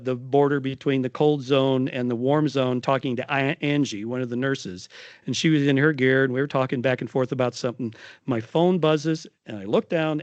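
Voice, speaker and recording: Middle-aged male nurse leader at a podium, animated anecdote, dry mic. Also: medium pitch, dry recording, dull audio. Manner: animated storytelling with voiced quotes. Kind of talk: conference talk.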